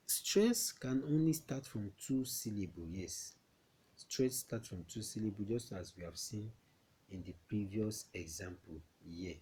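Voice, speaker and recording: A man from Nigeria teaching a classroom English lesson, slow and repetitive, often checking that students understand. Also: lowish voice, mellow, a little hiss or hum.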